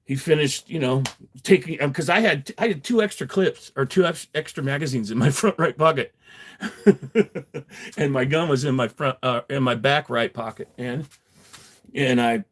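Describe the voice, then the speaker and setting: This middle-aged livestream host has a medium-pitched voice and a moderate pace. He casually tells a meandering story full of swearing, laughing to himself as he talks.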